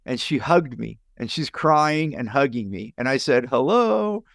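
A man's voice: normal speed, creaky. A middle-aged man tells his personal story as a guest on a podcast, with a mid-range voice that leaps upward when he plays out remembered conversations. The sound is dry and close, with no room echo. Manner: animated storyteller, rises sharply in pitch when acting out quoted people. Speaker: podcast guest, business coach.

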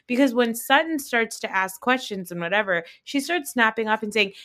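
A woman co-hosting a casual podcast chat, animated, laughing often and acting out quotes. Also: on the high side, normal speed. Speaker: podcast co-host.

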